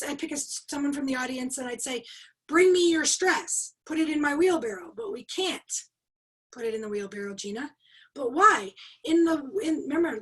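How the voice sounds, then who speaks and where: A middle-aged woman leading a leadership webinar over a video call, teaching in an animated, emphatic way and asking the audience rhetorical questions. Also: high-pitched, slightly rough, poor audio. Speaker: leadership coach and trainer.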